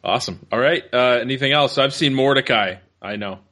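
A man's voice: mid-range voice, brisk, sharp tone. A man hosting a podcast, ranting about movies in crude, exasperated casual chat.

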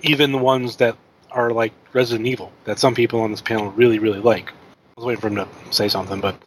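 A man's voice: on the low side, little pitch movement, fast, a little hiss or hum, rough recording. A man talking casually as a panelist on a movie podcast, dry and teasing.

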